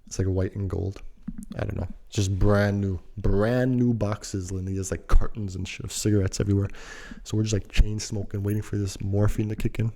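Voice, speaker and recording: A man's voice: on the low side, little pitch movement, normal speed, dark tone. A young man telling a story in a casual, rambling, slangy, laid-back way.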